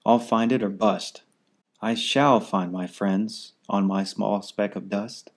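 A man's voice: lowish voice, fairly even intonation, slow pace. A man voicing a kind, earnest big male elephant in a storybook reading, in an earnest, pleading way.

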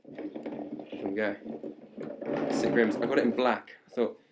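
A young man chatting live to fans on a webcam at home, hyper and playful and growing louder as he goes. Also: fairly low pitch, steady tone, measured pace, heavy background noise. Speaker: livestream host answering fan questions. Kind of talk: casual live webcam chat. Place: indoors at home. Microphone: laptop webcam mic.

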